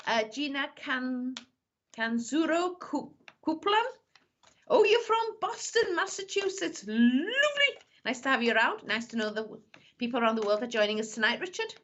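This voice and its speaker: A woman's voice: on the high side, lively intonation, a little fast, a bit bright, lo-fi sound. A woman, a psychic medium chatting affectionately with viewers on a live stream. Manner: chatty, calls everyone "my lovely". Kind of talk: live-stream greetings and reading.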